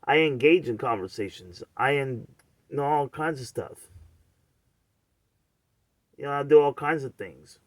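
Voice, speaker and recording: A man's voice: medium pitch, a little slow, pauses often, no room sound. A man talking straight to the camera in a loose, rambling monologue, circling back again and again with rhetorical questions and "you know what I'm saying.".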